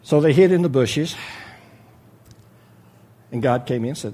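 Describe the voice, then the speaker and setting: A man's voice: medium pitch, expressive, measured pace, pauses often, warm tone, slightly rough. A man preaching a sermon in a folksy, joking way, reading scripture and retelling the story with voices for each character.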